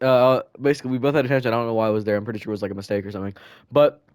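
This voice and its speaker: A man's voice: mid-range voice, flat delivery, rapid-fire, a little mellow, smooth, no echo, studio quality. A teenage boy casually telling school stories on a podcast, rambling and laughing, with lots of fillers and restarts. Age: teens. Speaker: podcast co-host. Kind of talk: casual storytelling chat.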